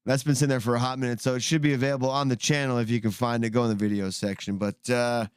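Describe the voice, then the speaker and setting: A man's voice: mid-range voice, little pitch movement, fast talker, smooth, dry recording. Rambling man host, dry close sound. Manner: rambling, does mocking voices in quotes. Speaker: podcast host. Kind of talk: casual chat.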